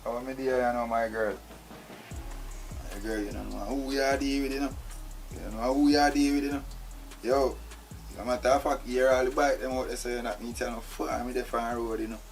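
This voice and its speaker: In a film scene with faint music behind, an actor with a Jamaican accent plays a tied-up man pleading and arguing with his captor, agitated and peppering his speech with "you know." His medium-pitched voice is brisk and steady, close to an everyday voice.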